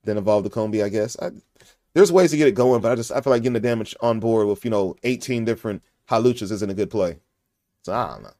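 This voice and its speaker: A man's voice: on the low side, fast, mellow, dry recording. A young adult man hosting a casual podcast chat in a goofy, joking way. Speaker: podcast host.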